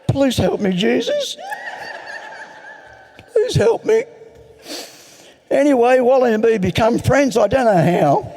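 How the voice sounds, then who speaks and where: Gravelly high-voiced older man. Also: warm tone. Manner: rambling, self-mocking storyteller. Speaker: recovery meeting speaker. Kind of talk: personal story told to an audience. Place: large hall. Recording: echoey large hall.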